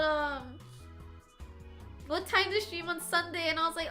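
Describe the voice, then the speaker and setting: A woman's voice: extremely high pitch, moderate pace. A young woman streamer chatting casually with her viewers, giggling often and teasing as she reads chat aloud. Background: soft background music.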